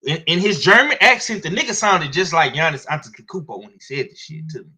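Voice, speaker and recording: Animated Southern man talking boxing. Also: on the high side, quick pace, few pauses, slightly rough. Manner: animated, blunt, slangy, profane. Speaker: boxing commentator. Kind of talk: casual sports commentary.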